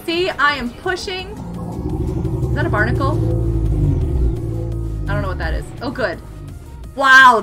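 A woman live streaming a game, excitable and chatty, laughing and yelling at what happens on screen. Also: sits high.

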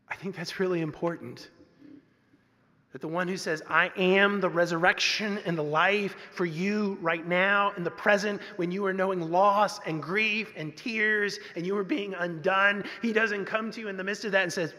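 A male pastor preaching a sermon earnestly, moving between loud emphasis and hushed softness. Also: high voice, steady tone, moderate pace. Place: church sanctuary. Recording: long reverb of a church sanctuary.

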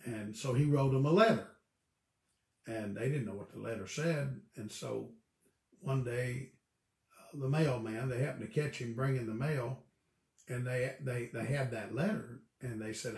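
A man, a pastor teaching a Bible study in a folksy, storytelling way with halting restarts. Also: medium pitch, vocal fry, darkish tone, reverberant.

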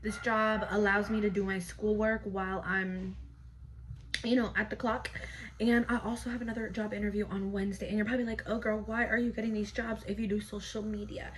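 A woman's voice: medium pitch, flat delivery, a little fast, a little hiss or hum. A young woman chatting casually to camera in her vlog, talking straight to her viewers and now and then dropping into a whisper. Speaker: vlogger. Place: home and club dressing room.

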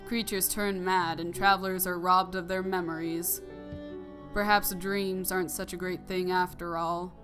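A woman's voice: lowish voice, little pitch movement, unhurried, over music, close to an everyday voice. Woman reading as a weary old bug elder.

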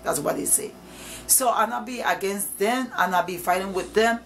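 A woman's voice: medium pitch, moderate pace, slight background noise, rough recording. A woman evangelist preaching informally to camera, emphatic and repetitive, in nonstandard English.

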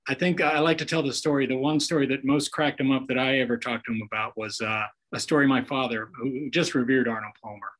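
A man's voice: mid-range voice, fairly bright tone, poor audio. Folksy man telling stories. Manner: folksy anecdotes with acted-out quotes. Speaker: guest author telling stories. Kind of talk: storytelling on a video call. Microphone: video call.

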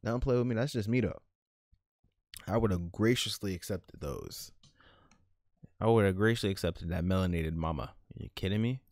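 A man hosting a casual let's-play of a life-sim game, talking in animated slang and laughing at his own jokes. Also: deep voice, moderate pace, pauses often, no room sound, clean studio sound. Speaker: gaming channel host.

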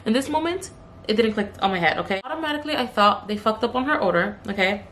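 A young woman tells a story from her job in a loose, chatty way. She drops the odd curse and speaks straight to her viewers. When she acts out what someone said, her pitch jumps up. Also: fast talker, a little hiss or hum. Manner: animated, acts out the customer's lines with raised pitch; swears casually, addresses viewers as "you guys". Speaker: beauty vlogger telling a story. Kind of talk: casual storytime while doing makeup.

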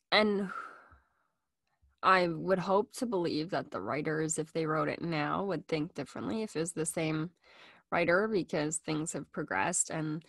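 A young woman co-hosting a podcast, talking in a thoughtful, measured way with some hesitation. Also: sits low, no room sound. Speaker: podcast co-host. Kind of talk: casual film review chat.

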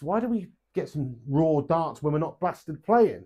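High-voiced swearing streamer. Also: male voice, measured pace, husky. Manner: swears freely, rambling and animated. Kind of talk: casual live-stream chat.

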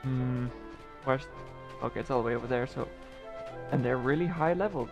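A man's voice: medium pitch, normal speed, gravelly, highs cut off. A young man talking casually over his gameplay, rambling and joking to himself, with game music behind. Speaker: gameplay streamer.

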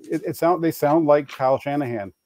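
A man's voice: a little high, fairly quick, a little mellow, dry recording. A man on a sports podcast panel, thinking aloud with hesitant starts and fillers. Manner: hesitant, thoughtful, many fillers. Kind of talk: sports talk.

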